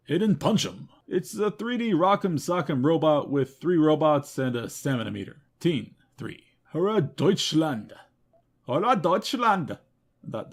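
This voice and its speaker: A man hosting a game news show, running through a list of games with quick wry comments and self-mocking asides. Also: on the high side, darkish tone, slightly rough. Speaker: host. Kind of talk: rapid game review roundup.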